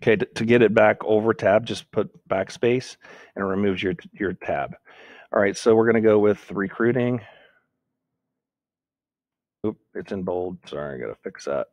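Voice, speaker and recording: A man's voice: fairly low pitch, moderate pace, pauses often, darkish tone, no room sound. A man giving a screen-recorded lesson on making notes, thinking aloud and correcting himself as he types. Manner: thinks aloud, self-corrects while typing. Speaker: teacher.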